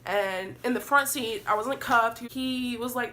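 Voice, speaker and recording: A young woman tells a storytime vlog in a bright, clear voice that sits a little high. She is animated and profane, and she acts out what other people said. A faint hiss of noise sits behind her. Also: measured pace. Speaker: vlogger.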